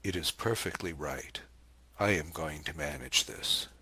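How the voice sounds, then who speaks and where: A poised young wife with a light, teasing edge, calm and in control of the room, as a man reads her part aloud. The voice sits deep and slow, with a bright, husky tone in a dry, close recording. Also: heavily acted. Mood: soothing, firm. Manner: light, coolly teasing questions.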